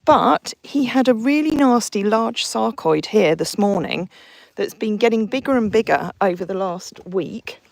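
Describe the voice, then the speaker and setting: A woman's voice: mid-range voice, expressive, unhurried, gravelly, darkish tone, dry recording. A woman hosting a casual live stream from horseback outdoors, reading viewer comments and cooing and scolding her horses in between.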